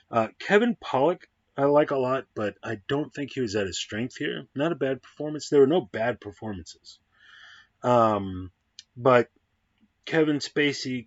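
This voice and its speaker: A man's voice: on the low side, slightly rough, no echo. A man giving a casual, rambling film review, full of ums and restarts, on a dull, dry, lo-fi recording. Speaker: movie reviewer.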